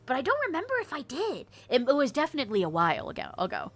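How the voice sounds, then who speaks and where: Animated American woman streamer, stuffy nose. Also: high voice, rapid-fire, no echo. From United States. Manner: laughs often, swears casually, animated. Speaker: streamer reading chat. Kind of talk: casual chat.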